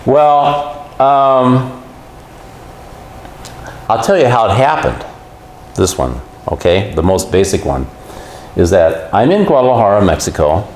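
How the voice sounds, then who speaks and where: Deep-voiced man telling a story. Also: a little slow, pauses often, roomy sound, slight background noise. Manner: animated storyteller who acts out quotes. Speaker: guest. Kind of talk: casual storytelling.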